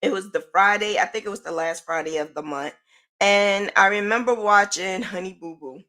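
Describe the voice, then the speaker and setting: Chatty woman podcaster with a bright voice. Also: mid-range voice, moderate pace. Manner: animated, chatty, laughs while telling; informal slang speech. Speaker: podcast host. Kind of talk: casual personal storytelling.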